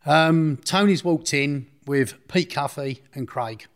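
A man's voice: fairly high pitch, takes it slowly. A man recounting a personal story in an interview, blunt and slangy, often restarting his sentences.

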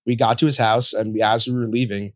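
Young male podcast guest, rapid storyteller, dry close sound. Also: medium pitch, little pitch movement, no echo. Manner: rapid storytelling with lots of fillers and swearing. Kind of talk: casual chat.

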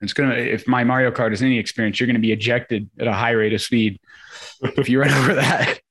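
A man with a medium-pitched voice co-hosts a casual podcast chat. He sounds laid-back and wry and swears freely. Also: steady tone, fast talker, a bit bright, slightly rough. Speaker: podcast co-host.

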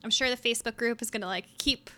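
Chatty young woman with a bright voice. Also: fairly high pitch, quick pace. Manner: chatty, upbeat, many filler words. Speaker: podcast co-host. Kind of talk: casual chat about books.

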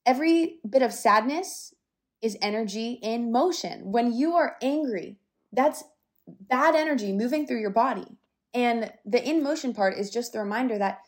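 A young woman hosting her own podcast in a casual solo talk, chatty and candid, swearing now and then and a little breathless. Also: fairly high pitch. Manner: lively, sometimes breathless. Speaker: podcast host.

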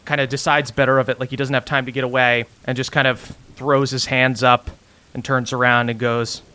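A man narrating as game master, casual and halting with many fillers. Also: mid-range voice, little pitch movement, pushed and bright, clear, resonant tone. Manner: casual, many ums and uhs.

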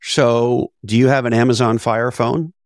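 A man's voice: mid-range voice, little pitch movement, unhurried, dry recording, clean studio sound. A man talking as a podcast guest, blunt and emphatic, with rhetorical questions and casual swearing. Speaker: podcast guest, author and business advisor. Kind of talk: conversational interview.

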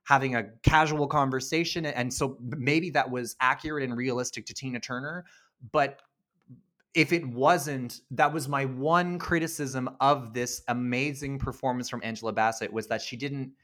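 A man talking through a podcast conversation in a relaxed, chatty way, voice sitting at an ordinary middle pitch. He laughs often and restarts his sentences as the thoughts come. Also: moderate pace. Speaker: podcast co-host. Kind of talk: casual film discussion.

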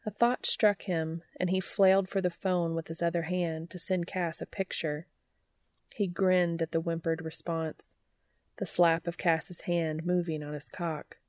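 A woman narrating a story in an unhurried, even reading voice. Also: fairly low pitch, no echo. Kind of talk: audiobook narration.

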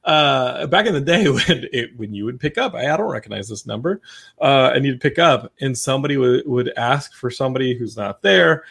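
A man, around his thirties, chatting casually on a podcast. He tells long stories in a dry, deadpan way, with an even, mid-pitched voice. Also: brisk, gravelly, breathy edge. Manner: storytelling, deadpan joking. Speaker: podcast host. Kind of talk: casual chat.

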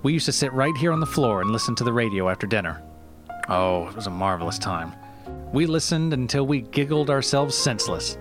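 A man's voice: medium pitch, animated, brisk, lightly acted. A man playing an aging comedian who hosts his own show, nostalgic and rambling, stammering through hesitant restarts, with faint music behind. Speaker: show host. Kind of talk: comedy audio sketch.

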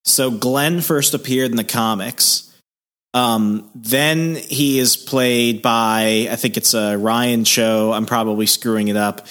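A man's voice: mid-range voice, fairly even intonation, slow, fairly bright tone. A man co-hosting a comic book podcast, chiming in with casual, offhand remarks. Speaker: podcast co-host.

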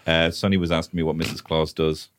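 A man's voice: rumbling low, little pitch movement. A man co-hosting a comedy podcast, rambling in casual chat with lots of fillers. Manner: rambling, quick, full of fillers like "kind of". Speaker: podcast co-host.

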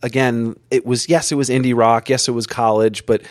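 A man's voice: mid-range voice, little pitch movement, fairly quick, dry recording. A man chatting casually on a podcast, telling rambling, self-mocking stories. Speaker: podcast guest. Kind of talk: casual chat.

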